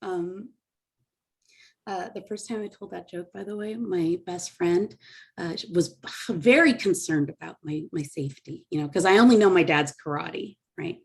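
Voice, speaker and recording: A woman's voice: fairly low pitch, normal speed, creaky. A woman comic doing a rambling, self-deprecating stand-up set on a video call. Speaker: stand-up comedian.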